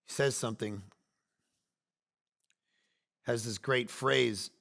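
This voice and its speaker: A man in his forties preaching a sermon, animated, swinging between loud bursts and quiet asides. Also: mid-range voice, takes it slowly, vocal fry. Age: 40s. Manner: acts out quoted lines in playful voices. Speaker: pastor.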